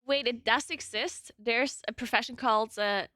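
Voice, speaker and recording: A woman's voice: a little high, moderate pace, bright, forceful tone, no room sound, clean studio sound. A young woman from South Tyrol with a South Tyrolean German accent, chatting casually with her live chat as a streamer, giggling often and swearing casually. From South Tyrol, Italy.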